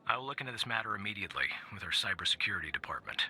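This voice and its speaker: A man's voice: lowish voice, lively intonation, racing, sharp tone, slight background noise. An actor voicing a stern male agency supervisor in a video game, curt and authoritative.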